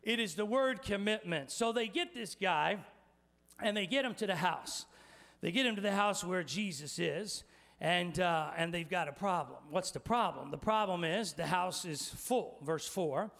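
This energetic, playful male pastor gives a sermon in a high, gravelly voice at a moderate pace. Speaking right to the congregation, he coaches volunteers through a live demonstration.

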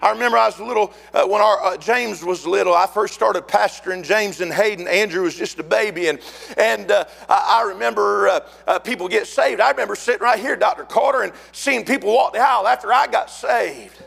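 Gravelly fervent man preaching revival. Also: high-pitched, a little fast, long reverb tail. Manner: shouting and fervent, voice breaking with emotion. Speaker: pastor. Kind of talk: impassioned revival sermon. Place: church sanctuary.

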